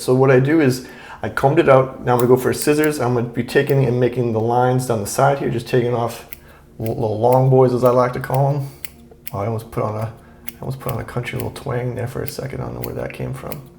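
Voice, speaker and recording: Man, gravelly voice, laid-back how-to vlogger, roomy echoey room. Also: medium pitch, a little mellow. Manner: easygoing, chatty, repeats himself with fillers. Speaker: beard grooming vlogger. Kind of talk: relaxed how-to talk while trimming.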